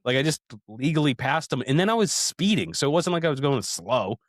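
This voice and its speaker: A man in his thirties with a fairly high voice and big pitch swings talks a little fast, recorded in clean studio quality with no room sound. As a co-host of a casual podcast, he tells profane, rambling stories and calls everyone "dude."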